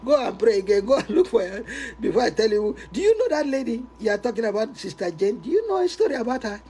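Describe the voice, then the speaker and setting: An exasperated male pastor waves someone off in a raised, brisk voice, as a preacher acts him out. He sounds impatient and dismissive. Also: high voice, sing-song, dark tone, breathy edge, pitched above the performer's own voice, exaggerated voice.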